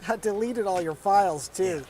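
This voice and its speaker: A man's voice: sits high, normal speed, a little mellow, slight background noise, natural voice. A man playing a timid, apologetic little lady who is a scam target, turning smug as she outsmarts the caller.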